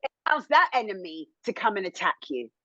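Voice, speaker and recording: A woman in her thirties, a TV presenter, telling her own story as an interview guest in a candid, animated way, rising high when indignant. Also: brisk, dry recording, lo-fi sound. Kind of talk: emotional personal testimony.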